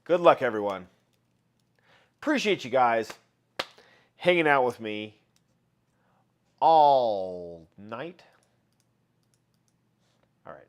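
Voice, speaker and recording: A man's voice: medium pitch, big pitch swings, slow pace, long pauses, a little hiss or hum. A man hosting a casual live stream, chatting with viewers, greeting them by name and running giveaways. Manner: chatty, reads out viewer names and shouts greetings. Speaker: livestream host.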